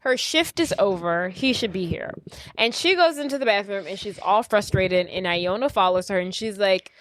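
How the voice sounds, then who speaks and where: A young woman co-hosting a casual movie podcast, animatedly recapping scenes and acting out the characters' lines. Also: medium pitch. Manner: animated, acts out characters' lines in quick voices. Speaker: podcast co-host.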